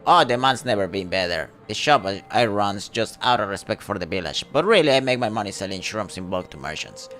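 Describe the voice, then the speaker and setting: Man doing a gruff, menacing mushroom trader. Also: lively intonation, a little fast, few pauses, a bit bright. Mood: boastful. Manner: low, sullen, threatening.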